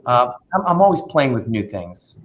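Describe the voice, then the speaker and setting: A man, a children's magician, chatting in an interview over a video call and telling funny stories with lively acted-out voices. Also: mid-range voice, moderate pace, lo-fi sound. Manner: animated storyteller, acts out voices in anecdotes. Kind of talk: casual interview conversation.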